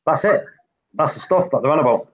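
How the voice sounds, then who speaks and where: A man's voice: on the high side, expressive, a little fast. Chatty man demonstrating on a live stream. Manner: chatty, repeats himself, explains step by step. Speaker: reef-keeping show host. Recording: slightly muffled live-stream audio, faint hiss.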